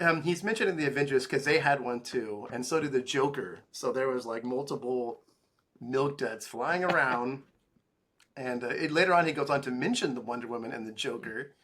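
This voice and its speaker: A man's voice: mid-range voice, moderate pace, bright, forceful tone, husky. A man co-hosting a casual comic-book podcast, walking through the pages with jokes and fillers. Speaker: podcast co-host.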